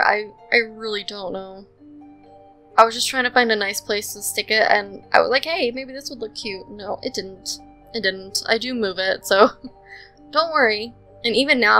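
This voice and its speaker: This Sims speed-build commentator is a young woman whose voice sits on the high side and has a sharp edge. She rambles in a relaxed, chatty way over footage of the building game, scattering ums and likes throughout, and the recording is rough.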